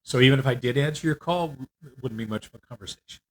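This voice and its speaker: A man's voice: mid-range voice, quick pace, a little hiss or hum. Worn-out older man sharing an update. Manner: candid, rambling, with frequent fillers. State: worn out from treatment. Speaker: vlogger. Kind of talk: casual personal health update.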